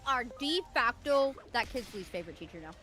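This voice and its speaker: A woman's voice: fairly high pitch, animated, a little fast, pushed and bright, faint music behind. A woman chatting on a stream, blunt and opinionated, swearing casually. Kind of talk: casual chat while gaming.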